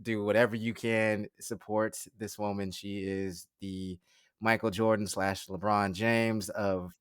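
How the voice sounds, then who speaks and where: A man hosting a podcast, speaking in a halting, earnest way with many pauses. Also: lowish voice, level tone, smooth, no room sound, studio quality. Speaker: podcast host. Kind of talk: casual podcast chat.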